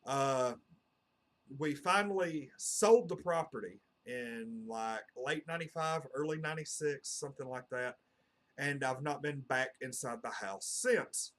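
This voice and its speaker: A man's voice: medium pitch, a little slow, fairly bright tone. A man, telling a personal story to camera in a casual, meandering way full of "uh" and "you know.". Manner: earnest, meandering, heavy on fillers like "uh" and "you know". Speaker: channel host.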